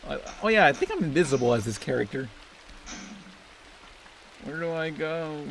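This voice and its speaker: A man's voice: on the high side, expressive, normal speed, vocal fry, fairly bright tone, a little hiss or hum. A young man giving crude, sarcastic, constantly swearing commentary while playing a video game. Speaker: let's play host. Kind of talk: profane gameplay commentary.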